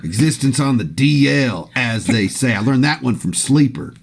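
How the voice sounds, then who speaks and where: A man's voice: medium pitch, expressive, moderate pace, slight background noise. A man playing a tabletop game in character, earnest and hesitant, repeating himself. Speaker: player.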